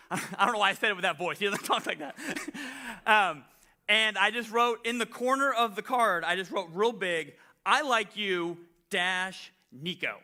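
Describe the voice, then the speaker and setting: Male pastor, casual sermon storytelling, self-deprecating, high bright tone. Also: measured pace. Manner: animated, self-deprecating storyteller, many "like" fillers.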